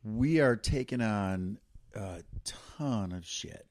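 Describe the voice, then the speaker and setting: A man's voice: on the low side, lively intonation, takes it slowly, a little mellow, no echo, clean studio sound. A middle-aged man co-hosting a podcast, chatting casually and teasing playfully. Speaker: podcast co-host. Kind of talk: casual chat.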